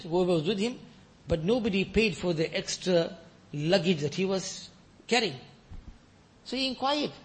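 High-voiced fervent male preacher. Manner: swings from loud fervent peaks to quiet storytelling; mixes Arabic quotations into English. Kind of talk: sermon.

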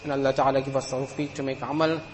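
A man's voice: medium pitch, flat delivery, quick pace, slight background noise. A man delivering an emphatic sermon in a mosque, illustrating his points with humorous stories. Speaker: preacher. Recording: long hall reverb.

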